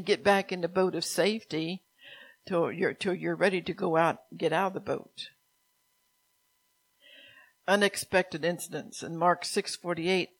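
A woman preaching a sermon, reading scripture and speaking God's words to her listeners, at times softly. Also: on the low side.

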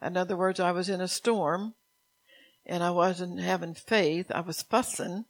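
A woman preaching a sermon, reading scripture and speaking God's words to her listeners, at times softly. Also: on the low side, steady tone, measured pace.

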